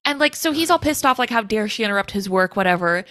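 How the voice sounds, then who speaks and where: A woman's voice: mid-range voice, animated, fast talker, fairly bright tone, no room sound. A woman co-hosting a podcast in casual chat, blunt and outraged, swearing freely. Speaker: podcast co-host.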